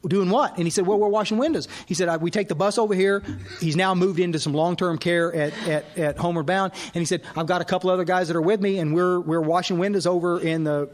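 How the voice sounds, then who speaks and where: Man speaking at a recovery workshop, lively storyteller who voices the people in his story, slightly high voice. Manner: animated storyteller, acts out dialogue. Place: workshop hall.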